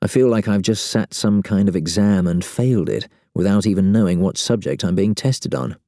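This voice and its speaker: A man's voice: on the low side, moderate pace, warm tone, dry recording, studio quality. A man narrating a first-person novel in a wry, sardonic manner as an audiobook reader.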